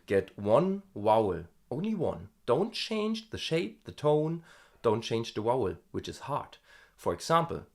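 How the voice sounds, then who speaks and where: Guy coaching screams, chill and chatty, slow-talking, kinda low voice. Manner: relaxed, chatty, demonstrates twanged vowels. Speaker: scream vocal coach and vlogger. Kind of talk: casual video lesson with vocal demos.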